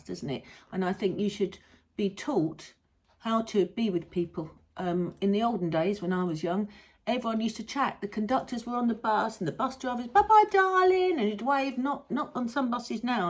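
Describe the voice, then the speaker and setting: A middle-aged British woman with a rambling, chatty manner and mild swearing, hosting a casual monologue. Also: mid-range voice. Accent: British English. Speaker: host. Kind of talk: casual chat.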